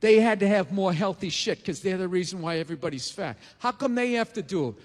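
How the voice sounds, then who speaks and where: A man's voice: sits high, animated, fast, long reverb tail. A man in his forties doing a stand-up comedy set, ranting and profane, with sarcastic asides. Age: 40s. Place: comedy stage.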